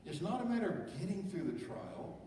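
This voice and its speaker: Very animated and a little fast, a high-voiced pastor with a warm tone preaches a conversational sermon full of rhetorical questions. The echoey church sanctuary is recorded from far off, with slight background noise.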